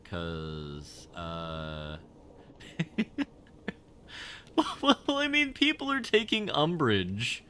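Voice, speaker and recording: A man's voice: sits low, very animated, extremely slow, long pauses, pushed and bright, slight background noise. A young man casually commenting while live-streaming a game, rambling and giggling at his own jokes. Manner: giggly, rambling, self-deprecating.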